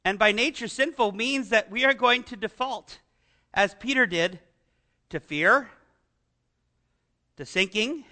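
This middle-aged male pastor gives his congregation a spirited, conversational sermon full of rhetorical questions. His voice sits high, and he takes his time, leaving long pauses.

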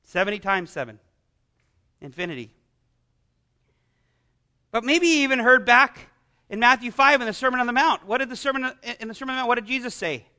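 A man's voice: extremely high pitch, quick pace, bright, forceful tone. A man preaching a sermon as pastor, asking the congregation rhetorical questions and making self-deprecating asides.

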